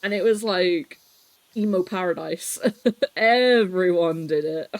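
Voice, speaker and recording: A streamer in their thirties talks to viewers in a loose, casual ramble, swearing freely and laughing often. The telling is animated and nostalgic, and the voice sits at an ordinary middle pitch. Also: slow pace, low-quality recording. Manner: reminiscing, animated storytelling. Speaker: live streamer. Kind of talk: casual chat while cleaning on stream.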